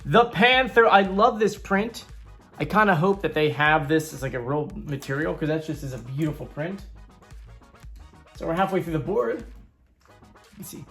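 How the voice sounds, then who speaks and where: Man, channel host, casual show-and-tell, chatty and upbeat, very animated pitch, faint background music. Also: moderate pace, long pauses. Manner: chatty, upbeat, rambling asides. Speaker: YouTube host.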